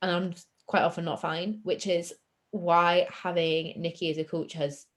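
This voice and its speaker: Lower-voiced woman, open and self-deprecating. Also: level tone, measured pace. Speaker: podcast guest, bodybuilder. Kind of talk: casual chat.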